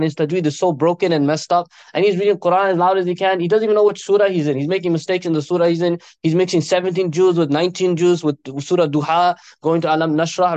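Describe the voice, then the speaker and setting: A man's voice: a little high, a little mellow, no echo, muffled recording. A man preaching an informal sermon, telling stories in a conversational way and often tagging lines with "right?" and Arabic phrases. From America.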